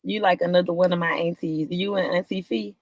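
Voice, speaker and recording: A woman hosting a live stream, greeting viewers one by one in a casual chat, with drawn-out greetings that jump up high. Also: steady tone, no echo. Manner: warm, drawn-out greetings with sudden high lifts.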